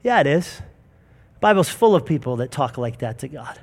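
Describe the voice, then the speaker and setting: A man's voice: medium pitch, sing-song, moderate pace, a little mellow, slightly rough. A man in his forties preaching a sermon in an earnest, emphatic storytelling manner. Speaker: pastor.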